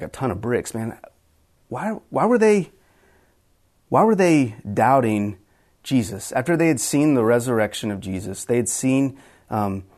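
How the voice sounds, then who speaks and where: A man's voice: mid-range voice, darkish tone. Earnest male pastor preaching a sermon. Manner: earnest, repeats words as he restarts phrases.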